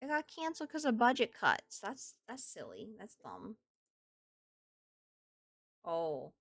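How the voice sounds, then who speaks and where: A woman's voice: medium pitch, huge pitch swings, slow pace, vocal fry, a bit bright, no echo. A woman with a Southern US accent streaming a game, chatting casually with her viewers and thinking aloud as she plays. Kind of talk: casual gameplay chat with viewers.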